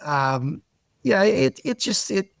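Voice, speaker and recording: A middle-aged man from Canada, a podcast guest telling animated, self-deprecating stories in a relaxed conversation. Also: sits high, slow pace, vocal fry, dry recording, studio quality. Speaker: interview guest. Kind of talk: conversational interview.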